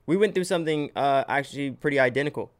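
Man with a smooth, clear voice. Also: a little high. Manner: joking, laughs often, talks fast at times. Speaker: podcast host. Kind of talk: casual podcast chat.

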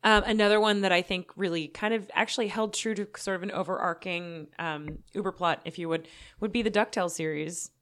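A woman co-hosting a podcast, giving her views in a lively, opinionated way. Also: on the low side, a little fast. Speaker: podcast co-host. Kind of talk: casual chat.

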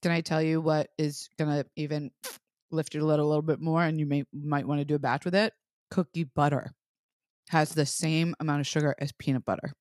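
A young woman co-hosts a casual podcast and talks frankly, with frequent exclamations. Her voice sits a little low for a woman. The sound is dry and close to the mic. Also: fast talker, no room sound. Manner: frank, expressive, exclaims often. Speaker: podcast co-host. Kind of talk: casual chat.

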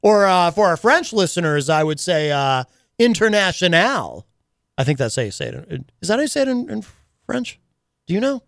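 A man's voice: sits high, sing-song, a little fast, vocal fry, no room sound, clean studio sound. A man hosting a radio show in casual chat, teasing his co-host in a playful, mock-dramatic way. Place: radio studio.

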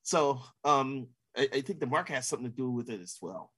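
A man's voice: medium pitch, expressive, fairly quick, very noisy. A man from Minnesota, a sports columnist being interviewed, thoughtful and full of "you know" fillers. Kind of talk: casual interview.

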